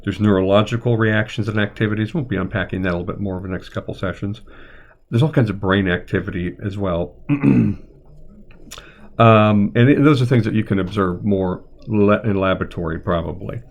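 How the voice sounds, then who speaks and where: A middle-aged man with a lowish voice talks through a live-streamed lesson as a therapist. He rambles gently, thinking aloud and filling pauses with ums and uhs. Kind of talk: unscripted live-stream lecture.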